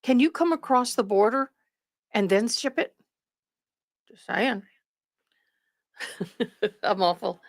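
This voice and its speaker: A woman's voice: fairly high pitch, animated, slow pace, long pauses, no room sound, clean studio sound. Chatty woman livestream host. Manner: chatty, rambling, warm toward viewers. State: tired. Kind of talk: casual chat with live viewers.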